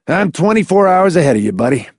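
A man's voice: on the high side, very animated, quick pace, a little mellow, slightly rough, pitched above the performer's own voice, heavily acted. A male narrator voicing a smug, cocky man who talks in a breezy, mocking way. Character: smug, cocky man loaded with lucky charms.

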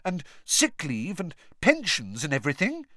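A man's voice: on the high side, huge pitch swings, normal speed, bright, forceful tone, dry recording, clean studio sound, pitched above the performer's own voice, full character voice. A man reading an audiobook voicing an earnest teenage girl who speaks insistently. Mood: earnest, indignant.

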